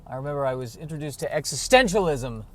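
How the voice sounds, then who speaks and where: Dry sarcastic guy rambling from his car, a bit on the higher side, mock-outraged. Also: animated, fast talker, slight background noise. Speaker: vlogger. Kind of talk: rambling solo monologue. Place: in a car in traffic.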